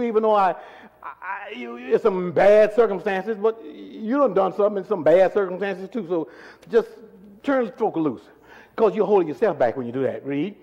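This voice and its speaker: A man preaching a call-and-response sermon, pressing the congregation with repeated questions and swinging between loud calls and quiet asides. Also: sits high, moderate pace, muffled recording. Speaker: pastor. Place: large church sanctuary. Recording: echoey church hall.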